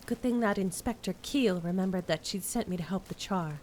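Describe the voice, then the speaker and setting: A woman's voice: medium pitch, a little fast, darkish tone, a little hiss or hum. A woman streamer chatting casually and reading game dialogue aloud with a giggly, playful manner.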